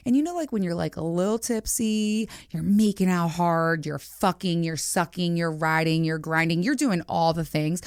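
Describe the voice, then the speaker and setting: Candid forties woman host, a little low in pitch, dry studio sound, explicit chatty delivery. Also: moderate pace, hardly any pauses, a little mellow, smooth, no echo. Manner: frank, explicit, chatty with many fillers. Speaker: podcast host. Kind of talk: candid casual chat.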